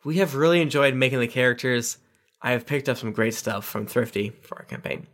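A man's voice: mid-range voice, brisk, a bit bright. A man hosting a casual podcast, reading listener reviews aloud with playful voices and asides.

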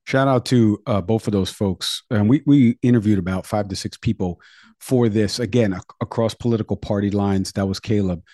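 Deep-voiced male talk show host. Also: moderate pace, warm tone, dry recording, clean studio sound. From Florida. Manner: conversational, reads poll numbers. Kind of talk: political talk show discussion.

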